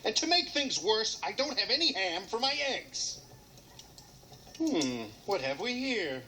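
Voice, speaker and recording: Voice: mid-range voice, big pitch swings, a little slow, pushed and bright, a little hiss or hum. An actor playing a grumpy, hungry colonial general in a comedic TV commercial, grumbling about taxes and missing ham. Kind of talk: comedic TV ad acting.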